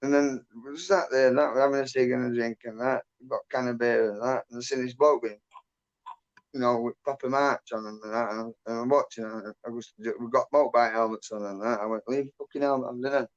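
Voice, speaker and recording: A man's voice: mid-range voice, fairly even intonation, fairly quick. A man hosting a livestream chat, rambling through stories, swearing constantly and tacking "and that" onto his sentences. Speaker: livestream host. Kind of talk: casual chat. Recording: dull lo-fi stream audio.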